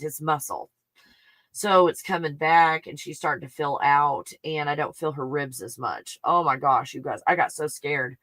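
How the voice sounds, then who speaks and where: A woman's voice: low voice, fairly bright tone, no echo. A woman hosting a livestream, chatting casually and laughing as she rambles about her puppy. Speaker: livestream host. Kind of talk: casual chat.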